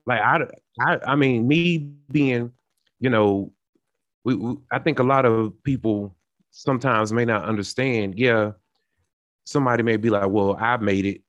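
A young man talks it through, earnest and searching, stopping and restarting as he builds examples. His voice sits at a middle pitch, and the recording is close and dry with no room sound. He sounds like a host in casual conversation. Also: unhurried, a bit bright, no echo, highs cut off. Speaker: podcast host.

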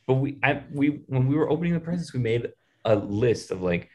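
A man on a podcast as a guest in casual chat, joking dryly and animated. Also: medium pitch, fairly quick, husky.

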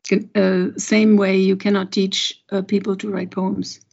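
A woman poet and translator, speaking thoughtfully and haltingly in an interview, with many pauses and restarts, and reading a poem aloud. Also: mid-range voice, level tone, creaky, a little mellow. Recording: dull lo-fi recording.

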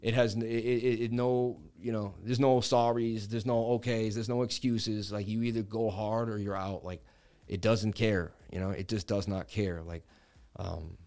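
A man's voice: fairly low pitch, fairly even intonation, normal speed, a little mellow. A man in his thirties from the Boston area, hosting a casual crypto livestream and telling rambling stories full of "like" and "you know, man.". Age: 30s. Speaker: crypto stream host.

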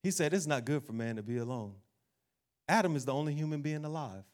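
Animated preaching man. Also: a little high, quick pace. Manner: animated preaching, acts out doubting voices, laughs. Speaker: pastor. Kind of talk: sermon.

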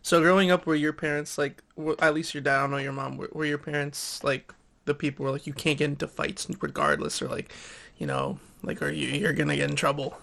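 A man's voice: fairly high pitch, expressive, vocal fry, sharp tone. A young man hosting a casual chat, asking questions and joking with his guest. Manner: joking interviewer, quick to laugh. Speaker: podcast host.

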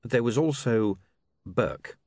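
A man reading an audiobook aloud, wry and lively, with a voice that rises and falls a great deal. The sound is close and dry, with no room around it. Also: mid-range voice, slow pace, no echo. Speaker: audiobook narrator. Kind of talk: scripted audiobook narration.

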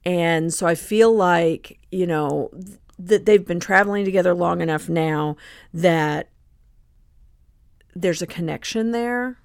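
A woman's voice: fairly low pitch, slow pace, clean tone, no echo, clean studio sound. A woman co-hosting a podcast, chatting casually about a book and agreeing, then adding thoughtful points with plenty of fillers. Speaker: podcast co-host.

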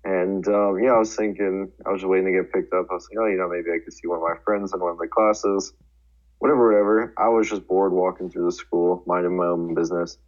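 A man's voice: sits low, steady tone, fast talker. A young man telling a rambling school story in casual chat, full of fillers. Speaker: podcast co-host. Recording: dull lo-fi sound.

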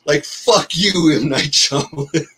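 Husky man complaining heatedly. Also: fairly high pitch, a little slow, fairly bright tone. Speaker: podcast guest. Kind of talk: casual podcast chat.

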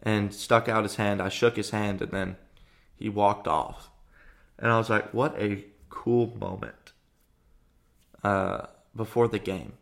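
A young man from Arkansas hosting a podcast, telling a story in a chatty, animated way with lots of fillers. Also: fairly low pitch. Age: young adult. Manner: chatty, frequent fillers and restarts, animated retelling. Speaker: podcast host. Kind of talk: casual storytelling monologue.

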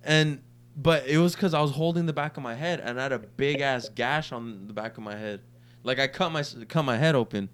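A man's voice: mid-range voice, brisk, clear, resonant tone. A young man on a podcast, casually telling a long, profane story and acting out the quoted lines. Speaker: podcast co-host.

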